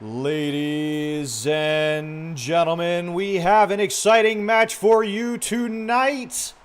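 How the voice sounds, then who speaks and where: A man doing a booming stadium announcer. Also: clean tone. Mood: hyped. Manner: booming, drawn-out sports announcing. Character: excitable male stadium battle announcer. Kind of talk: play-by-play commentary.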